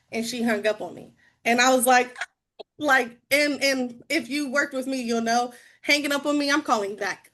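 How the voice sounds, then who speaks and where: Bubbly woman, a touch high. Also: brisk, fairly bright tone. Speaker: guest speaker, inside sales agent. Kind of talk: casual training talk on a call.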